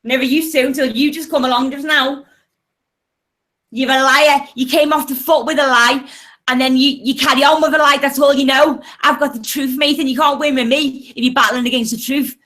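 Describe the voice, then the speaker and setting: High bright-voiced swearing woman. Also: fairly even intonation, fairly quick. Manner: abusive, combative, swearing constantly. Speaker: voice chat room participant. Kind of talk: heated online voice chat argument.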